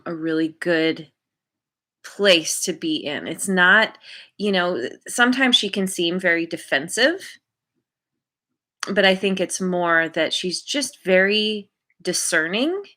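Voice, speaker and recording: Woman, tarot reader, low-ish voice with a bright edge, unhurried and wandering delivery. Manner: gentle and meandering, searching for words; encouraging, spiritual. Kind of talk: intuitive tarot reading for viewers.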